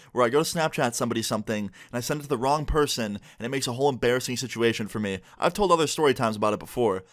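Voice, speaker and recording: A man's voice: mid-range voice, no echo, clean studio sound. A man in his twenties animatedly telling a casual storytime to his viewers. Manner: fast, animated retelling. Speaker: vlogger.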